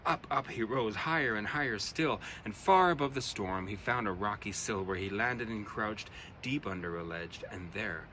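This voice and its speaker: A man reading his own rhyming children's poem aloud, with an expressive, rhythmic delivery. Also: on the low side, moderate pace, few pauses, slight background noise. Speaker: storyteller.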